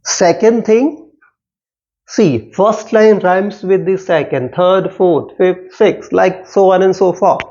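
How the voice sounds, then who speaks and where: A man teaching a poetry lesson, slowly repeating words and sounding out stressed and unstressed syllables. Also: sits high, mellow. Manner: slow, repetitive, stressing syllables aloud. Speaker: English literature teacher. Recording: dull lo-fi sound.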